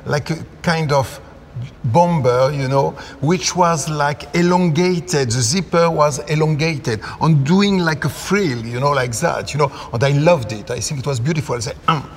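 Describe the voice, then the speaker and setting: A man with a fairly high voice rambles enthusiastically in an interview. His voice rings in a reverberant hall with faint noise behind it. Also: moderate pace. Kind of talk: casual interview chat.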